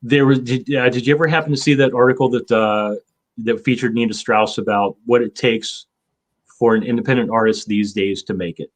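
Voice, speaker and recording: A man's voice: medium pitch, fairly even intonation, a little fast. Man, fifties, casual show host, rambling, profane, lots of ums. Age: 50s. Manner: rambling, profane, with many fillers. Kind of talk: casual chat.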